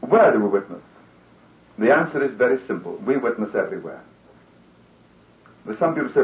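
A man's voice: mid-range voice, big pitch swings, brisk, pauses often, reverberant. Man preaching over tinny old radio. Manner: earnest, conversational, acts out quoted voices. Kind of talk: radio sermon.

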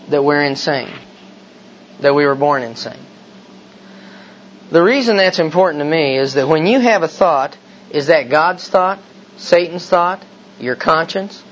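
A man preaching a sermon, emphatic and full of rhetorical questions. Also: a little high. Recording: slightly dull recording with faint hiss.

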